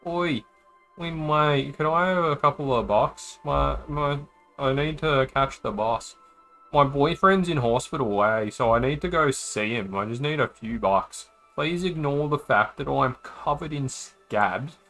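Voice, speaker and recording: A man's voice: mid-range voice, unhurried, a bit bright, soft background music, pitched above the performer's own voice. A man putting on a scabby male bogan beggar with a broad Australian accent, pleading in crude slang. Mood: wheedling.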